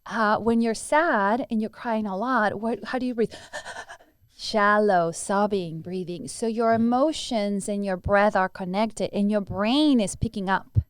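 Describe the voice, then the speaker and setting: A woman's voice: medium pitch, unhurried, few pauses, smooth, no echo, studio quality. A woman who teaches breathwork, answering interview questions earnestly and demonstrating breathing sounds as she explains.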